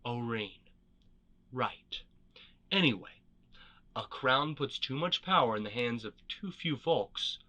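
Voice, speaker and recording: A man voicing a gruff, wary veteran male rebel leader in a storybook reading, talking in blunt, clipped and wry lines. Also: medium pitch, lively intonation, takes it slowly, long pauses, sharp tone, lo-fi sound.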